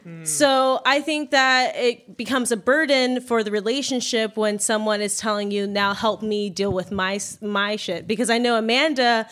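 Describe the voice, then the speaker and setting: A woman's voice: a little high, moderate pace, a bit bright. A woman from the audience giving her view at a live podcast, speaking thoughtfully and evenly with a few fillers. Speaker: audience member guest.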